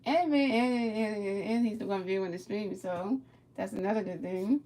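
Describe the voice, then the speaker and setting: Woman, streamer, casual play-by-play, chatty, repeats words, mid pitch. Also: normal speed. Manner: chatty, talks to a viewer, repeats words, excited outbursts. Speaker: streamer calling a baseball video game.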